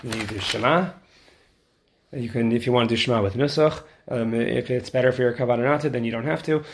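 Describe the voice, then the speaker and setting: A man teaching how to lead prayer, explaining quickly in plain talk and then chanting the tunes slowly to show them. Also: mid-range voice, darkish tone. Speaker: prayer leader instructor. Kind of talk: teaching lesson with chanted demonstrations.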